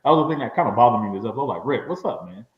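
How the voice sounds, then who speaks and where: Excitable fast-talking man, echoey lo-fi sound. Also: mid-range voice, very noisy. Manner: excitable, quick, repeats words. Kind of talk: casual review chat.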